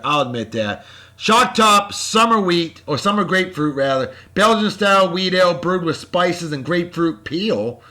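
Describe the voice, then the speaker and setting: A man hosting a casual beer-tasting vlog, talking in a loud, hyped-up, slangy way and sounding short on sleep. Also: on the high side. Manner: boisterous, hyped-up, shouty slang-laden praise. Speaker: vlog host.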